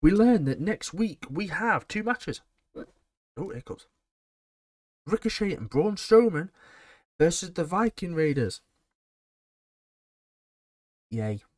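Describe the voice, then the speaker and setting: A man's voice: high-pitched, big pitch swings, unhurried, long pauses, no echo, clean studio sound. A man giving a blunt, sarcastic and rambling casual recap of a wrestling show.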